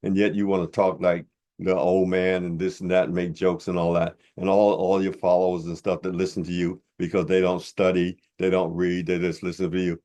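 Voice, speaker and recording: Older male commentator with a very deep voice, preacher-like, mocking and blunt in a heated rebuttal. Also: little pitch movement, normal speed, warm tone. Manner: blunt and informal. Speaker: religious commentator.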